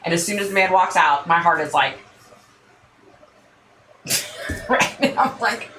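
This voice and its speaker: Middle-aged woman host, bright forceful tone, lowish pitch, animated storyteller, roomy echo. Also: moderate pace, a little hiss or hum. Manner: animated, laughing often, acts out quotes. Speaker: psychic show host. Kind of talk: casual storytelling. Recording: echoey room.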